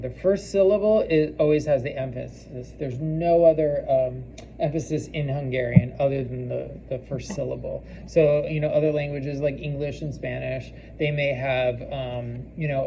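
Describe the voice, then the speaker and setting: A man teaching a recorded class lesson, halting with many ums and restarts and repeating foreign phrases slowly for practice. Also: on the high side, creaky, dull audio, background noise. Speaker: language teacher.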